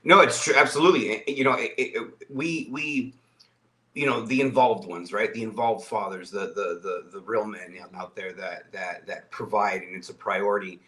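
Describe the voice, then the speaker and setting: A man's voice: lowish voice, fairly even intonation, normal speed, bright, forceful tone. A man, a guest on a podcast, talking casually and earnestly, often repeating and restarting his words. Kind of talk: casual conversational storytelling.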